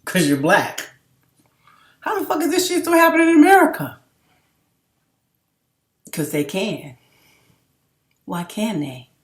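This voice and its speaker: A woman's voice: medium pitch, huge pitch swings, a little slow, long pauses. A middle-aged woman vlogging in a casual, rambling monologue, emphatic and full of swearing. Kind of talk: casual unscripted monologue to camera. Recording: roomy echo.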